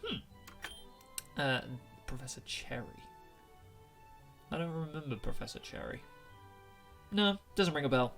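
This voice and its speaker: A young man reading a visual novel aloud, chatting and joking between lines. His voice is bright and lively, rising and falling a lot. Quiet game music plays underneath. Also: fairly high pitch, measured pace, creaky, long pauses. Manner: jokey, laughs at his own jokes. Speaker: gaming video creator.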